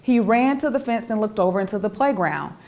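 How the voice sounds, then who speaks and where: A woman reads her own children's storybook aloud in an expressive, animated way. Her voice sits at a middle pitch but swings widely, rising and falling to carry the story along. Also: brisk. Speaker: author reading her own children's book.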